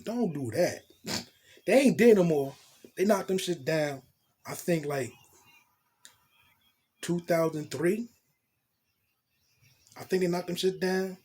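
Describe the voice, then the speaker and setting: A man telling a storytime tale in profane street slang, animated and blunt. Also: a little high, breathy edge. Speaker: storytelling vlogger. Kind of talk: casual storytime monologue.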